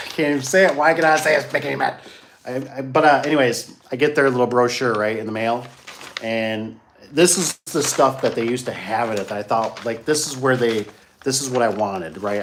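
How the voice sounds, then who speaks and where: A man's voice: mid-range voice, slight background noise. Rambling, folksy garage door guy. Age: adult, grew up locally. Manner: rambling, repeats himself, folksy asides. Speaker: garage door business owner. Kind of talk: casual rambling monologue to viewers.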